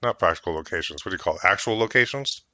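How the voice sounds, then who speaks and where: A man's voice: sits low, lively intonation, rapid-fire, pushed and bright. A man co-hosting a casual movie podcast, rambling and hedging with lots of filler words. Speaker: podcast co-host. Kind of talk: casual chat.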